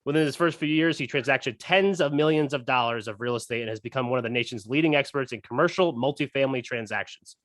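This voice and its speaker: A man hosts a podcast from his studio, with an easygoing, friendly manner in his banter. His voice is bright and forward. The studio sound is dry and close. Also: mid-range voice, fast talker, hardly any pauses, dry recording. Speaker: podcast host. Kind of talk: casual interview, read introduction.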